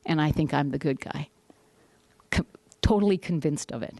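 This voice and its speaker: An older woman from the United States giving a blunt, animated personal testimony to a group. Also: low voice, normal speed, no room sound. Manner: blunt, salty, animated storytelling. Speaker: speaker sharing her story.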